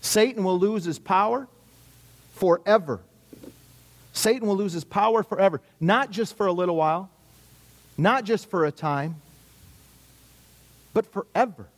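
A man's voice: high-pitched, measured pace, long pauses. A middle-aged man preaching a sermon in a conversational way, asking rhetorical questions and repeating his key phrases. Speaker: pastor.

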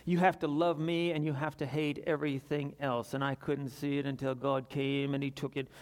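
A man preaching a sermon in an earnest way, moving between loud urgent passages and quiet confessional ones. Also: mid-range voice, flat delivery, normal speed.

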